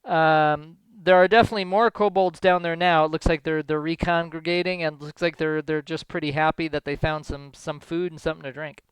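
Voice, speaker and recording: Smooth-voiced male game master. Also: fairly high pitch, fairly even intonation, brisk, hardly any pauses, no echo, poor audio. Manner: hesitant, with many fillers. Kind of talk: narrating a tabletop game.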